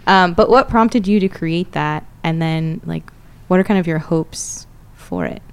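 A woman's voice: fairly low pitch, measured pace, clear, resonant tone. A woman co-hosting a podcast, asking a guest questions in a friendly, encouraging way. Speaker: podcast co-host. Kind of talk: interview questions.

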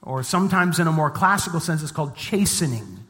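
A man's voice: on the high side, animated, fairly quick, pushed and bright. A middle-aged man preaching a sermon as a pastor, mixing scripture reading with conversational, humorous personal stories. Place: church sanctuary. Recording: long reverb of a church hall.

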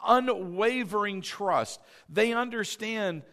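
A man's voice: high voice, takes it slowly, pushed and bright, big-room sound. A male pastor preaching a sermon in a conversational, emphatic way, often checking in with the congregation and repeating key phrases.

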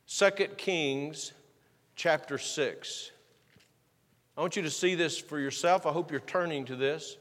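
A man's voice: fairly high pitch, moderate pace, a bit bright, long reverb tail. A man preaching a sermon, reading scripture and retelling it in a casual, folksy way. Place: church sanctuary.

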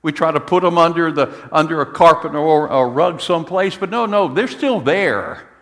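A middle-aged male pastor preaching a sermon, animated and swinging from soft to loud, repeating himself and asking "amen?". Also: fairly high pitch, normal speed, long reverb tail. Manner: repeats words and restarts, asks the congregation "amen?". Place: church sanctuary.

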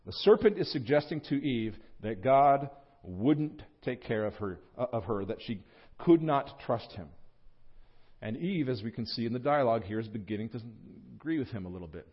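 A man preaching a sermon, teaching through a scripture passage in an earnest tone with fillers and restarts, jumping up in pitch and volume when he voices the words he quotes. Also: animated, moderate pace, slightly rough, muffled recording. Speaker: pastor. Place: church.

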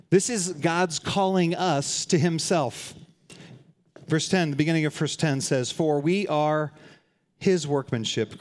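A man preaching a sermon to his congregation, earnest and conversational, often restarting phrases and adding light humorous asides. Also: a little high. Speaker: pastor.

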